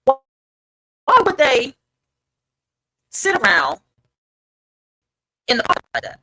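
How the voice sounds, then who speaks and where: A woman's voice: high voice, big pitch swings, slow, sharp tone, rough recording. A woman hosting an online podcast, talking casually and emphatically to her listeners and swearing freely. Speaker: podcast host. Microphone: streamed online podcast.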